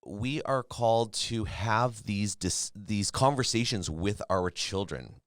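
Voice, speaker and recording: A man's voice: fairly low pitch, animated, takes it slowly, clear, resonant tone, dry recording. A man co-hosting a podcast, talking casually and earnestly about parenting, often restarting his sentences. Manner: earnest, restarts and repeats himself, advice-giving. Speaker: podcast co-host.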